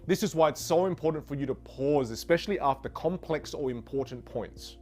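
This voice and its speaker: Energetic male speaking coach, lively swinging pitch, asks the listener questions. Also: fairly quick, faint music behind. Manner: energetic, rhetorical questions, demonstrates trailing off and fillers. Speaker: communication coach. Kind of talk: instructional lesson.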